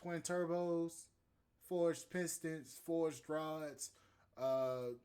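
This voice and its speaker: A man with a fairly high-pitched voice hosts a podcast and vents in a loose, rambling rant. His delivery is heated and full of swearing. He jumps from point to point as he goes. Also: very slow, a little mellow, clear, resonant tone. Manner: profane, heated, rambling monologue. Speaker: podcast host.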